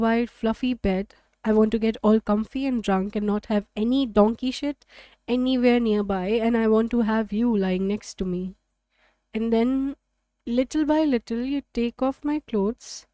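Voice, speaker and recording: A frank, teasing young woman in an audiobook, read aloud by a woman. She speaks with a raised, lilting voice full of playful warmth that stays mellow rather than sharp. The recording is dry and close. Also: fairly high pitch, no echo, lightly acted. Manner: bright, teasing and lilting delivery. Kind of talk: audiobook reading.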